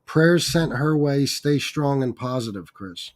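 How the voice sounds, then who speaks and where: A man's voice: medium pitch, expressive, unhurried. A man hosting a casual chat with his mother, reading viewer comments aloud in a profane, hesitant way and getting choked up. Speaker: channel host.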